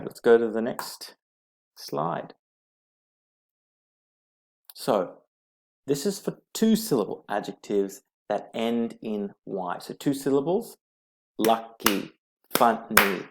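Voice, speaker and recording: Guy teaching english grammar off slides, slow and patient, gravelly voice, spells stuff out letter by letter. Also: on the low side, lively intonation. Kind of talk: slide-based grammar lesson.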